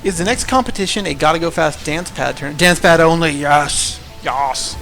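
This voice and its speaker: A man's voice: a little high, normal speed, fairly bright tone, faint music behind. A man giving casual, jokey, rambling commentary for a livestreamed gaming tournament.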